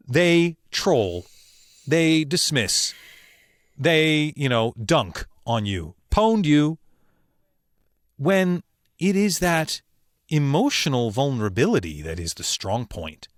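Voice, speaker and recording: A man who works as a voice actor, telling personal stories as a podcast guest in an earnest, emphatic way with slow, weighty pauses. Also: fairly high pitch, dry recording, clean studio sound. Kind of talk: reflective interview storytelling.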